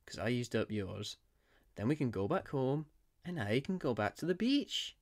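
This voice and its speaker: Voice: medium pitch, sing-song, moderate pace, darkish tone. Junior, a voice actor doing a laid-back surfer guy. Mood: easygoing. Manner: chatty, easygoing, calls people cuz. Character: laid-back small magical surfer man, cheerful. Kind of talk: fan voice acting.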